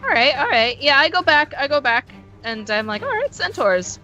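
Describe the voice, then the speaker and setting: A woman playing a tabletop role-playing game, chatty and excitable. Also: high voice, moderate pace, lo-fi sound, faint music behind. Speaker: player.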